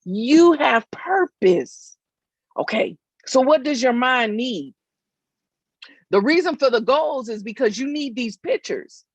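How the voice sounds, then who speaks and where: A woman's voice: a little high, expressive, measured pace, slightly rough, dry recording. A woman giving a faith-based motivational talk outdoors, emphatic and repetitive, often checking in with her listeners. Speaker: motivational speaker. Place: outdoors in hot weather.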